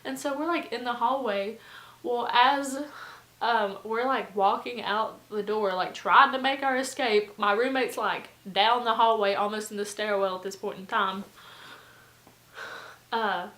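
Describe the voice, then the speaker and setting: A young woman, telling a storytime vlog in a chatty, animated way full of fillers. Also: a little high, a little slow, roomy sound, poor audio. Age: young adult. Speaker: vlogger.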